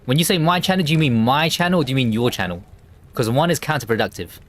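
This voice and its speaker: A man's voice: medium pitch, expressive, fast, slight background noise. A man chatting casually and joking while streaming a co-op game. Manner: joking, chatty, laughs easily. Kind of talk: casual gameplay chat.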